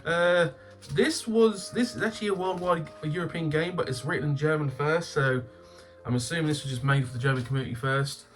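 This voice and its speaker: A man hosting a game-collecting channel, chatting casually as he opens his games, swearing freely and bursting into loud laughter. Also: on the high side, fairly quick, soft background music. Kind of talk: casual unboxing chat.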